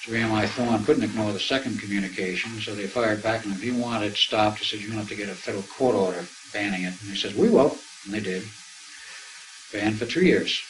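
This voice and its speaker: A man's voice: lowish voice, fairly even intonation, fast, noisy background. An older man telling a long story to an audience, acting out remembered dialogue as he goes. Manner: anecdotal, acts out remembered dialogue. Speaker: speaker recounting his experiences.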